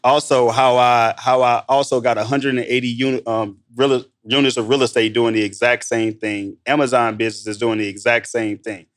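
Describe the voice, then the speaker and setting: Man, animated podcast storyteller, says "bro" a lot, jumps high for quoted lines. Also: normal speed, few pauses. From Missouri, United States. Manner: excited, repeats "bro", acts out quotes in a higher voice. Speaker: guest entrepreneur.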